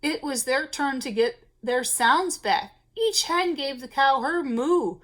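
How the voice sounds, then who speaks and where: A woman reads a children's picture book aloud, playful and expressive. Her voice is high and swoops widely, pitched for young listeners. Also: a little slow. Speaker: storyteller. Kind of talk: children's storybook read-aloud.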